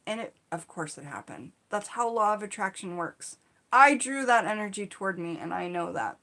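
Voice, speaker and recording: Bright-voiced chatty woman telling stories. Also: medium pitch, moderate pace. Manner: animated, chatty, acts out her own shouts in the retelling; frequent fillers like "like" and "you know". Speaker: storytelling channel host. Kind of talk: casual personal storytelling.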